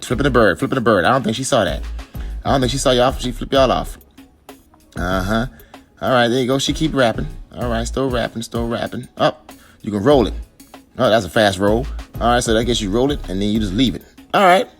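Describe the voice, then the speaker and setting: A man's voice: medium pitch, fairly quick, faint music behind. A man giving playful, teasing voice-over commentary on his wife's hair tutorial, coaxing and joking as he goes.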